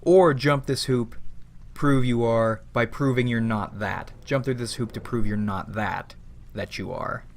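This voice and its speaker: A man voicing his own personified ego, a calm and judging figure that speaks tersely and low. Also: unhurried, natural voice.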